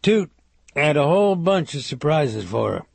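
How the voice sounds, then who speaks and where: A man's voice: on the high side, very animated, moderate pace, gravelly, husky, dry recording, voice pushed up, full character voice. A man voicing a cruel, taunting male mob thug who talks in a crude, menacing way.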